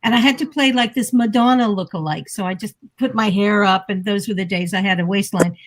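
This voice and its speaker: A woman guesting on a talk show, telling animated, playful stories in casual chat. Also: medium pitch, a little fast, low-quality recording. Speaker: guest actor.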